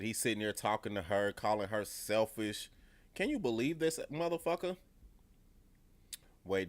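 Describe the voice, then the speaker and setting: A man's voice: lowish voice, sharp tone. Man swearing through a casual TV review. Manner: profane, emphatic, repeats himself. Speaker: TV show reviewer.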